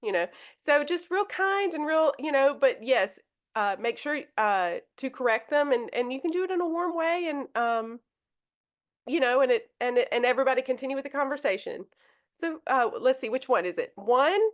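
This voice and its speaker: A woman teacher leads a live podcast lesson in a fairly high voice. She talks in a loose, chatty way, stumbling and restarting her sentences as she goes. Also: expressive, normal speed. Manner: chatty, hesitant, many restarts.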